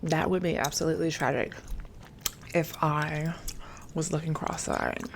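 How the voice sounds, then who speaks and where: A woman chatting softly to her viewers late at night, chewing gum and rambling, sometimes dropping into a whisper. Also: sits low, measured pace, gravelly, noisy background. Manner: drifts into whispers at times. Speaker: ASMR creator. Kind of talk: late-night soft-spoken ASMR chat. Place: home setup, camera placed far away.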